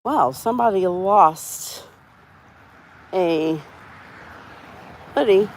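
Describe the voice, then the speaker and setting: A woman's voice: lowish voice, lively intonation, slow, pauses often, darkish tone, slight background noise. A woman hosting a casual live stream while walking her dogs outside, chatting to viewers and laughing often. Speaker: dog channel host. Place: outdoors on a sidewalk.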